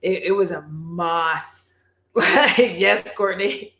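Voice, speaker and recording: Animated woman chatting in an echoey room. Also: on the low side, slow. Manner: animated, swears, laughs often. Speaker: vlogger. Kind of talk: casual livestream chat.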